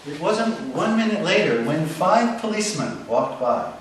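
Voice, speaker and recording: Animated male storyteller in an echoey hall. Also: sits high. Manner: animated, dramatic pauses. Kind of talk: live stage storytelling. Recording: echoey hall, distant mic, faint noise.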